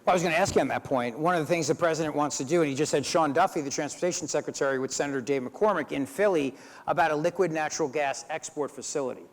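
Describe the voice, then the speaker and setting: Man moderating a forum, fairly high voice, chatty with quips, long reverb from a big hall. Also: fast talker. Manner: chatty, joking asides. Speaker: moderator and radio host. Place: event hall.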